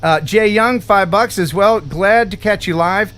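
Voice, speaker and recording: A man's voice: high voice, measured pace, faint music behind. A man in his fifties hosting a live drone stream, joking and reading out viewer donations. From United States. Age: 50s. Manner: jokey, animated, reads out viewer donations.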